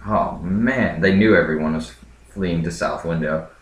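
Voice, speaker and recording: A man's voice: deep voice, unhurried, echoey room. A man giving casual, joking let's play commentary while reading game dialogue aloud. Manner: joking, offhand asides.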